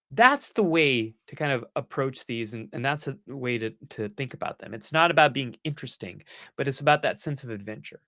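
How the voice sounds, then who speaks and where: Bright-voiced man answering viewer questions. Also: fairly high pitch, dry recording, studio quality. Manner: earnest, encouraging, with self-mocking asides. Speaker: psychologist hosting a live-stream Q&A.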